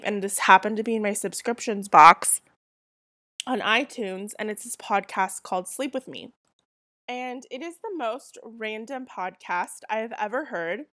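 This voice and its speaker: A young woman with a Southern California accent hosts a casual solo podcast while getting over a cold, rambling and chatting with lots of fillers. Her voice is medium-pitched and a bit bright, captured in clean studio sound with no echo.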